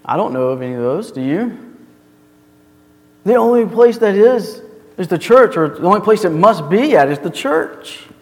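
A man's voice: high voice, expressive, moderate pace. A male pastor delivering a sermon in a church, earnest and full of rhetorical questions. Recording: long hall reverb.

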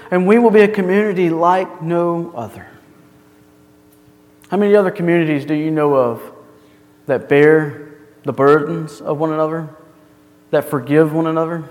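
A man's voice: on the high side, normal speed, pauses often, darkish tone. A male pastor delivering a sermon in a church, earnest and full of rhetorical questions. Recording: long hall reverb.

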